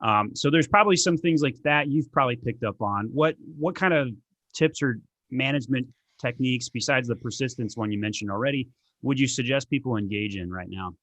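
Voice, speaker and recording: Man podcast host, mid pitch, dry close mic, casual and direct. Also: fairly bright tone, no room sound. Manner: conversational, clears throat, quick asides.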